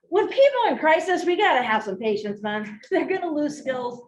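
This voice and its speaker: A woman giving a training talk, telling a story in an animated way and speaking straight to the audience. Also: high voice, moderate pace, few pauses, background noise. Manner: animated, laughing, addresses the audience directly. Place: large room with an audience. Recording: echoey room, voice from a distance.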